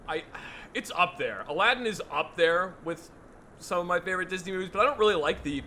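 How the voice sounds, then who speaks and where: A man's voice: sits high, lively intonation, brisk, pushed and bright, a little hiss or hum. A man co-hosting a gaming video, chatting casually in a rambling, self-amused way with plenty of fillers. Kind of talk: casual chat while gaming.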